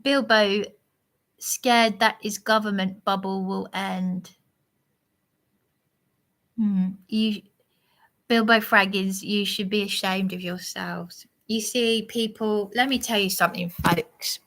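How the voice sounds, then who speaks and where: Slow, preachy, aggrieved woman. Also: medium pitch, fairly even intonation, fairly bright tone. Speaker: livestreamer answering a commenter. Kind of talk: rambling live monologue.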